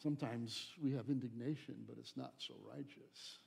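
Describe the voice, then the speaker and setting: A man's voice: medium pitch, steady tone, moderate pace, gravelly, a little mellow, breathy edge. A pastor preaching a fervent sermon, building to emphatic, searching questions to his listeners.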